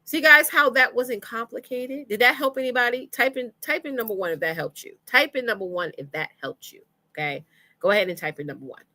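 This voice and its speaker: Bright-voiced woman coaching on a live stream. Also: fairly high pitch, brisk, no echo. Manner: chatty, greets viewers by name, says y'all and sis. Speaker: email marketing coach hosting a live stream. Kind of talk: casual live-stream teaching.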